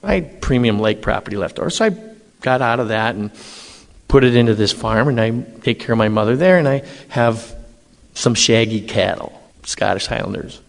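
A man's voice: mid-range voice, moderate pace, gravelly. Middle-aged male priest, emphatic testimony, reverberant hall. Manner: animated, emphatic, acts out dialogue. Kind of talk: personal testimony storytelling.

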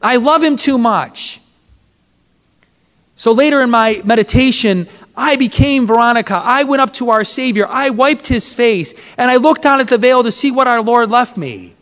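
A Catholic priest preaching to a gathering of men, impassioned, with dramatic swings in pitch and volume. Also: male voice, moderate pace, few pauses, fairly bright tone, long reverb tail. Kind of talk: sermon at a men's retreat.

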